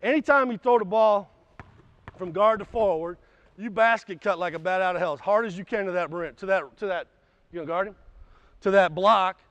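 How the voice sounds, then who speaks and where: A man's voice: high-pitched, moderate pace, no echo. A man coaching a basketball clinic, blunt and a bit profane, explaining drills and barking short commands at players in a gym. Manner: barks short commands, shouts during drills. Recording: dull, slightly lo-fi sound.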